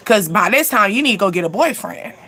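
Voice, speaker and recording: A woman's voice: medium pitch, lively intonation, brisk, a bit bright, husky. A young woman hosting a casual live stream, speaking candidly and laughing often as she answers viewers' questions.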